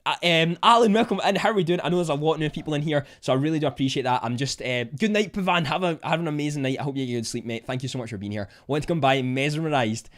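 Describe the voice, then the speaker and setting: Chatty Scottish man, fairly high voice. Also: fast, hardly any pauses. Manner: chatty, reads viewer comments, bursts of excitement. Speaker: livestream host. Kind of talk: casual livestream chat.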